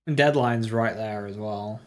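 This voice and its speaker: A man's voice: on the low side, a little slow. Man thinking aloud over a game stream. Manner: thinks aloud, greets chat viewers. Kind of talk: casual live-stream commentary.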